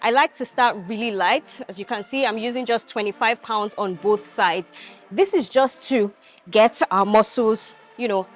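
A young woman vlogging her workout in a gym, coaching viewers with energy as she demonstrates the exercises. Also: on the high side. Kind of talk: instructional workout vlog.

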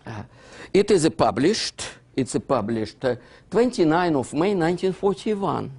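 A lecturer with a husky, higher-pitched voice gives an illustrated history lecture in halting non-native English. He is animated, uses frequent fillers and "you see, so," and breaks into bursts of amused laughter.

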